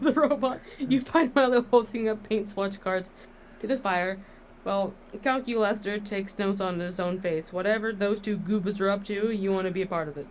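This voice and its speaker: A woman's voice: mid-range voice, slight background noise. A woman streamer reading a monster dating game aloud, playful and giggly with asides.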